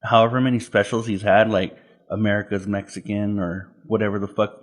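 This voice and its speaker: A young man with a fairly low voice chats casually as a podcast co-host. He talks loosely and profanely, often slipping into quick impressions of people he argued with. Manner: loose, profane, animated retelling with quoted voices. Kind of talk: casual chat.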